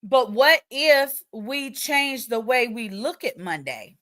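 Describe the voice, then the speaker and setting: Give me a playful woman livestream host, reading comments in a bright, lively voice. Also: a little high, takes it slowly. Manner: chatty, reads viewer comments aloud, playful. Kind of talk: casual livestream chat.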